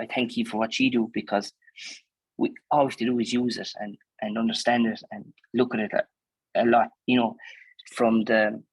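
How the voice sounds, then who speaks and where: A man's voice: medium pitch, husky, no room sound, rough recording. A man with an Irish accent, a dairy farmer answering interview questions in a chatty, plainspoken way, full of fillers and restarts. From Ireland.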